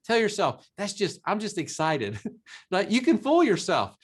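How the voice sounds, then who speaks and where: A man's voice: high voice, wildly swooping pitch, a little slow, breathy edge. Brief: man with a raised voice, preachy motivational co-host, drives points home through repetition. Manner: emphatic, preachy, quotes scripture; repeats phrases for emphasis. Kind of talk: motivational talk show.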